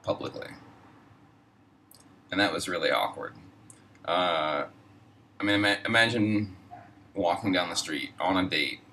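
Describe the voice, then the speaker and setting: A man's voice: low-pitched, measured pace, long pauses, sharp tone, recorded from a distance, slight background noise, low-quality recording. A man casually telling a personal story, rambling and profane, heavy on fillers. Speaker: storyteller host.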